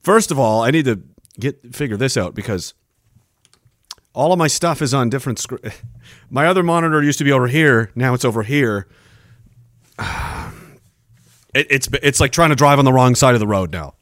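A man's voice: mid-range voice, lively intonation, normal speed, pauses often, fairly bright tone, no room sound, clean studio sound. Rambling man on a livestream. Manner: rambling, joking, reads chat aloud. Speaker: livestream host. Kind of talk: casual livestream chat. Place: home studio. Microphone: boom-arm studio mic.

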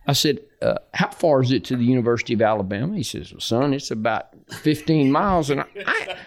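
A middle-aged man, a football coach, telling anecdotes in a podcast interview, folksy and animated, laughing as he goes and acting out the dialogue. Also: fairly high pitch. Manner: acts out dialogue in his stories.

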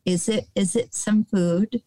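An older American woman, a guest on a podcast, gives calm advice in a slow, gentle, soothing way, often restarting and saying "you know", and sometimes dropping to a soft whisper. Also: mid-range voice, dry recording, rough recording. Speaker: guest, nonprofit director.

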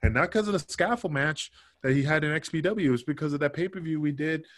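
Appearing as a guest on a podcast interview, a man tells stories in a casual, lively way, voicing other people's quoted lines. He speaks fast with a fairly high pitch.

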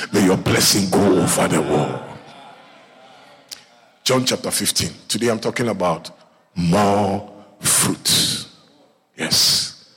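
A male pastor preaching a sermon, telling a Bible story with lively acted-out voices and calling out to his congregation. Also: fairly low pitch, husky. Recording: echoey hall reverb.

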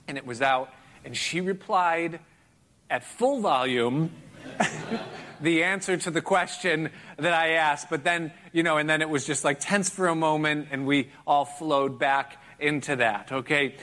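A middle-aged pastor telling a home story in a sermon, in a conversational, self-deprecating way with small chuckles. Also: male voice, a little high, pushed and bright.

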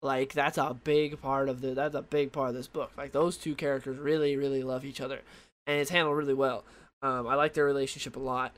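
A man's voice: medium pitch, level tone, fairly quick, a bit bright. A young man in casual chat about a comic book, rambling with lots of fillers and restarts.

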